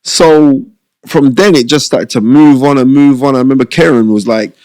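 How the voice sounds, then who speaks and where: A middle-aged man, telling stories in an interview, animated and slangy, repeating his phrases. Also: mid-range voice, normal speed, dry recording, clean studio sound. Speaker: boxing pundit and former boxer. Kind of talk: casual storytelling interview.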